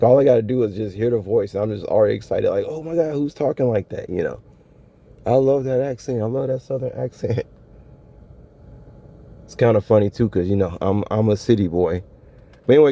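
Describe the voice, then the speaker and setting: A mellow, lowish-voiced vlogger talks casually to his audience alone. His slangy, relaxed chatter regularly dissolves into laughter, and the sound quality is dull and lo-fi.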